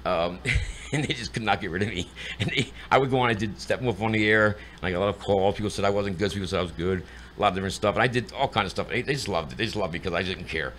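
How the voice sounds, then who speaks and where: A middle-aged man chats as a guest, rattling off rambling stories at a quick clip. His voice sits low, but it rings bright and forceful. He slips into the voices of the people in his stories as he goes. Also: slight background noise. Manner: rambling storyteller acting out quotes. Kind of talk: casual chat.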